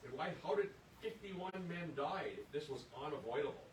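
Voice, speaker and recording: A man's voice: expressive, normal speed. An older man from Michigan's Upper Peninsula giving an earnest, indignant history lecture, reading quotes aloud and restarting his words as he goes. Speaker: presenter at an archives lecture. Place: lecture room. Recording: echoey room, distant mic, faint rumble.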